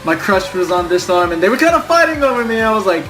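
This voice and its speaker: High-voiced young man telling a story. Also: animated, quick pace, few pauses, fairly bright tone, soft background music. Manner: blunt and profane, jumping between asides. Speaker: vlogger. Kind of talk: casual storytime vlog.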